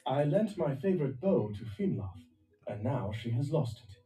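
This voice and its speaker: Grave game warrior, voiced by a man, dark voice, distant audio, faint music. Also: medium pitch, very animated, moderate pace, lightly acted.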